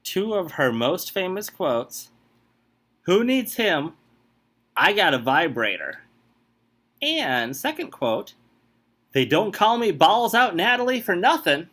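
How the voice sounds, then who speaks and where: Male podcast host running a quiz. Bright, higher voice with a lively, swinging delivery. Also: takes it slowly, long pauses. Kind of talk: casual podcast quiz game.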